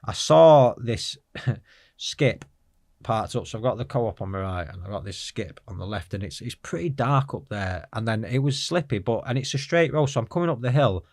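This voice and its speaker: A man's voice: mid-range voice, lively intonation, normal speed, a little mellow, dry recording, studio quality. A man speaking as an interview guest, telling his life story in an earnest, frank and rambling way.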